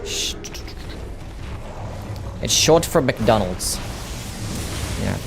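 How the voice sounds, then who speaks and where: A man's voice: fairly low pitch, wildly swooping pitch, very slow, gravelly, over music. A young Australian man with an Australian accent chats casually and swears while he streams a game for his viewers. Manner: laid-back and sweary, chatting to viewers. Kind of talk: casual chat while gaming.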